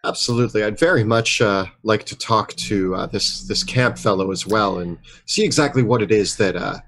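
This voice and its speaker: A man playing in a tabletop game, speaking in character in a measured, courteous way. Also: fairly low pitch, a bit bright. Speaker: player. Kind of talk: in-character tabletop role-play.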